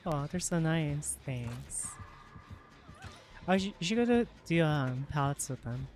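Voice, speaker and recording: A relaxed streamer talking through a live game in a soft, hushed voice that leans toward ASMR. The tone is mellow and dark, with a rambling, easygoing flow and frequent small laughs. Mid-pitched and unhurried. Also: faint music behind. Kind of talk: casual live gameplay chat.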